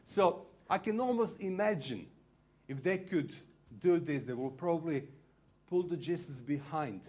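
A man preaching a sermon, retelling a story with lively acted-out crowd voices and slightly phrasing. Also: a little high, unhurried. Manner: animated storytelling, acting out crowd voices, non-native phrasing.

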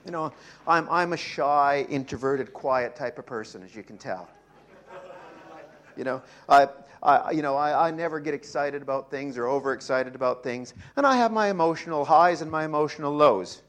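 A man's voice: a little high, moderate pace. Older Englishman preaching with rising fervor. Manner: animated preaching, swinging from quiet asides to loud emphatic peaks. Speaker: pastor. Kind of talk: sermon.

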